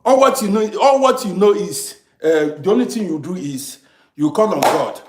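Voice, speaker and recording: Fired-up man, high lively voice. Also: moderate pace, reverberant. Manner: lecturing, repetitive, emphatic. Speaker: live streamer reading comments. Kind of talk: heated monologue to viewers.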